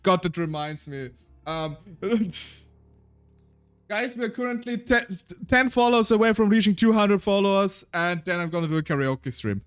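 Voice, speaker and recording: A man's voice: high-pitched, lively intonation, normal speed, clear, resonant tone, faint music behind. A man streaming a game, chatting casually and reading its text aloud, laughing often and tripping over his words.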